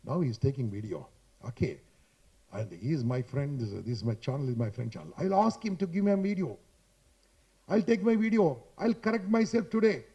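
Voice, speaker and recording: The audio is dull, carrying a man's mid-range, expressive, mellow voice with a slight roughness, spoken fairly quickly. He has an Indian English accent and is giving a repetitive, emphatic talk on public speaking to a live audience in a hotel hall, handheld mic in hand. Chatty and addressing listeners directly, he ends points with "boss."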